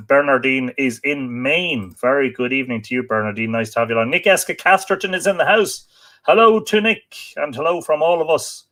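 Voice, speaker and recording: Irish male stream host, casual and teasing, reads chat comments aloud, mid-pitched. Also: fairly bright tone. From Ireland. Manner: chatty, teasing, frequent uh fillers. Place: home library room.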